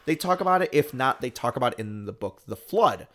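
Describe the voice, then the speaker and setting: A man's voice: medium pitch, expressive, a little fast, a bit bright, a little hiss or hum. Guy on a podcast just rambling along, lots of um and uh, normal mid voice. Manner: rambling, filler-heavy, restarts often. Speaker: podcast co-host. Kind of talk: casual chat.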